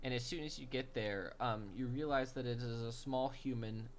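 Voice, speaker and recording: A man narrating a tabletop game as game master, relaxed and full of fillers. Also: mid-range voice, normal speed, a little hiss or hum.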